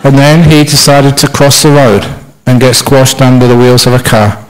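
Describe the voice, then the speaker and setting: A man's voice: medium pitch, level tone, moderate pace, rough recording. A man giving a humorous Buddhist talk as a monk teacher, telling stories playfully with self-mocking humour.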